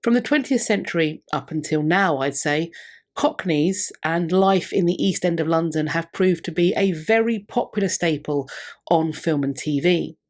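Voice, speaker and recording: A woman with a fairly low voice presents a history video. Her delivery is scripted and measured, and she reads quotations from scholars in the same composed tone. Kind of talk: scripted narration.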